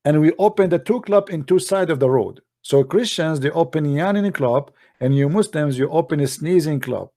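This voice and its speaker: Mocking man with a raised pitch. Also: animated, moderate pace, few pauses, dark tone. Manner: mocking and sarcastic, with broken grammar. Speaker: religious debate commentator. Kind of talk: polemical monologue.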